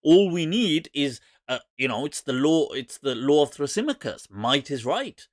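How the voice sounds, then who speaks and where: Male Islamic scholar, live-stream host; animated, mocking delivery with a lot of pitch movement. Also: normal speed, no room sound, clean studio sound.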